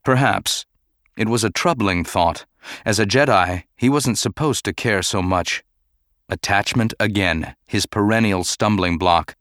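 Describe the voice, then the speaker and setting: A man reads a novel aloud in a steady, even storytelling manner. His voice sits low. The recording is close and dry, with no room sound. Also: measured pace, no room sound. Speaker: audiobook narrator. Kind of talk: scripted narration.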